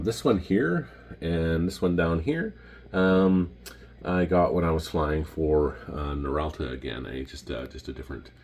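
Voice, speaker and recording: A middle-aged Canadian man with a Canadian accent, telling casual stories about his flying days and pausing often with ums and restarts. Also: a bass voice, a little hiss or hum. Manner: rambling, many ums and restarts. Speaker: retired pilot showing his patches. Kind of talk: casual storytelling to camera.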